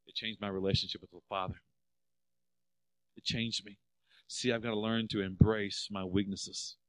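A middle-aged man preaching a sermon as pastor, emphatic, swelling louder on key phrases and dropping low for personal stories. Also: dry recording.

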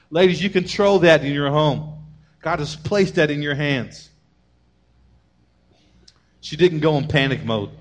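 A male pastor delivers a lively sermon in a voice that sits a little high for a man. He talks to the congregation in a casual, conversational way and slips into short acted-out bits of dialogue. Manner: energetic preaching, acts out family members in raised voices.

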